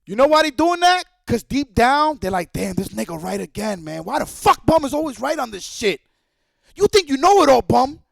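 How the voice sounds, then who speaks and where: A man's voice: very high voice, big pitch swings, moderate pace, creaky, a bit bright, no room sound. A man streaming a heated, profane rant, repeating his points with anger. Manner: angry, profane, repetitive.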